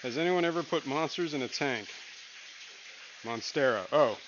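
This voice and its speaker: A man's voice: mid-range voice, lively intonation, moderate pace. Laid-back man chatting on a livestream. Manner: rambling, laid-back, lots of fillers. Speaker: livestream co-host. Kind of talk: casual livestream chat. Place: home fish room with aquariums. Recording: dull lo-fi stream audio with room noise.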